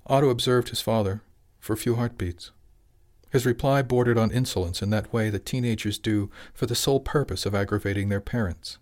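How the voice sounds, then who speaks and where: A man narrating an audiobook in an even, measured storytelling voice. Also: on the low side.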